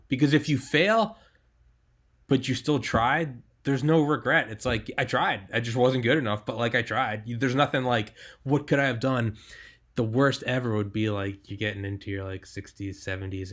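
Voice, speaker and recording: A man's voice: medium pitch, normal speed, a bit bright. A young man hosting a podcast, chatting casually and animatedly, swearing and laughing as he tells stories. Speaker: podcast host.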